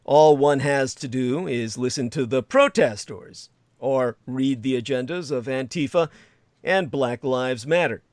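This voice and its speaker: A man's voice: medium pitch, a little slow, no room sound. A man hosting a livestream, rambling in sarcastic commentary with frequent laughter and crude asides. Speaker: livestream host.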